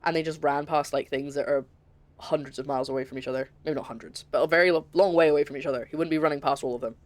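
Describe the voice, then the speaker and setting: A woman's voice: deep voice, fairly even intonation, racing, dry recording. A young woman from Scotland with a light Scottish accent, chatting casually and rambling as she streams a game and reads chat. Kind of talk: casual gameplay commentary.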